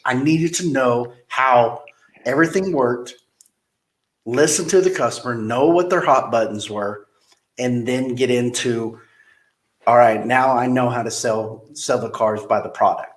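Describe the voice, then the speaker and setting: Car dealer guy telling stories, mid pitch, roomy echo, acts out the people he quotes. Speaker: car dealership general manager. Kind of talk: casual interview storytelling.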